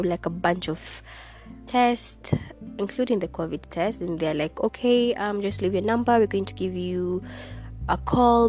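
A woman's voice: mid-range voice, darkish tone. A young woman hosting her own podcast, candidly telling a personal story in a casual way and laughing between lines. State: sick with fever, lost taste and smell. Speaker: podcast host.

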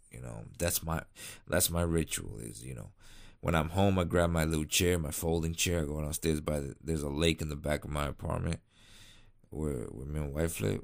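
Very deep-voiced laid-back rambling man. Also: creaky. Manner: rambling, many restarts and fillers, laid-back. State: tired, yawning late at night. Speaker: cigar vlogger. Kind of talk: casual rambling monologue.

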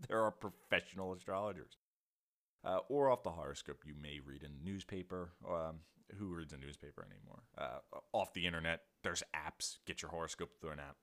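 Deep, lively-voiced joking podcast host man. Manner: joking and laid-back, quick to apologise and laugh at himself; frequent restarts and self-corrections. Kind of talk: casual science podcast.

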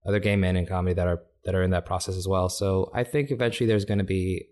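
Animated low-voiced man, laughing often. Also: fast talker. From Africa. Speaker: stand-up comedian, guest. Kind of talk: casual conversation.

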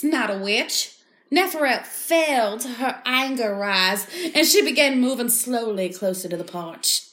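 A slow, theatrical storyteller whose fake accent wanders from Australian to Southern US, as a woman plays it up. The voice sits high and bright, and the room around it echoes. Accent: mock Australian drifting to Southern US. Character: mock-dramatic female narrator with wandering accent.

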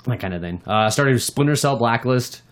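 A man's voice: mid-range voice, brisk. A man co-hosting a gaming podcast, chatting casually and ranting with plenty of swearing. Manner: animated and profane, ranting about games. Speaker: podcast co-host. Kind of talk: casual chat.

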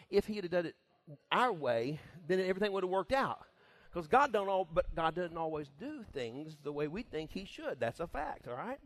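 A man preaching a sermon in a conversational, animated way, acting out scenes and chuckling along. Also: high voice.

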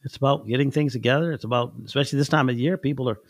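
A man's voice: medium pitch, racing, no room sound, clean studio sound. A middle-aged man telling stories from his life in a casual chat, folksy and chuckling, acting out the people in his anecdotes.

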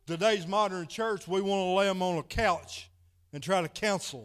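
Male preacher, slightly higher voice, folksy storytelling sermon, keeps saying "he said". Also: moderate pace. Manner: folksy, repeats "he said" while retelling a story.

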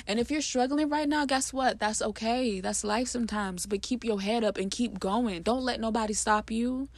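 A woman with a slightly high voice discusses her own poem in a casual, heartfelt monologue, recorded with no room sound. She gets passionate and emphatic, talking in bursts thick with fillers.

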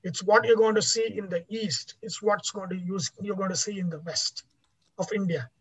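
A man's voice: sits high, fairly even intonation, moderate pace, a bit bright, slightly rough. A man teaching a class in an explanatory lecture style, often restarting his words and checking in with "right?". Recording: dull lo-fi recording.

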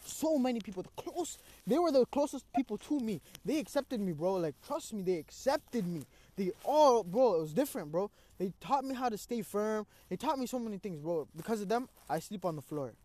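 A man's voice: high-pitched, a little fast, hardly any pauses. A young man in casual conversation, telling a personal story with street slang and lots of "bro", acting out his own reactions. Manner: animated, acts out his own cries.

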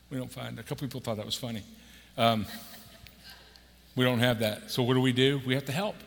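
A man's voice: medium pitch, steady tone, brisk, creaky. A man in his sixties, an executive pastor preaching a conversational sermon and acting out quotes with a raised voice. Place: church auditorium. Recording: long hall reverb.

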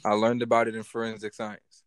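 A man's voice: lowish voice, completely flat delivery, a little fast, crowd noise. A man co-hosting a casual podcast chat, talking animatedly, swearing and repeating himself as he jokes. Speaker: podcast co-host.

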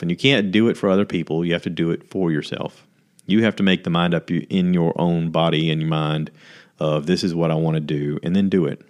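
A man hosting his own podcast, talking candidly and a little rambling in a self-deprecating, casual way. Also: sits low. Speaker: podcast host. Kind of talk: casual solo podcast monologue.

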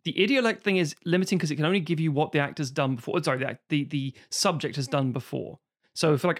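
A man's voice: a little high, fast. A man co-hosting a podcast, chatting casually in an easygoing, somewhat hesitant way. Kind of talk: casual chat.

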